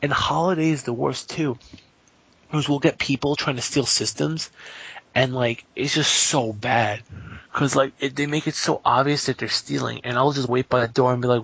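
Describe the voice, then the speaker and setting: A man's voice: mid-range voice, steady tone, a little fast, vocal fry, a bit bright, slightly rough, no echo. A man ranting in casual podcast talk, profane and sarcastic. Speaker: podcast guest. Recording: muffled lo-fi audio.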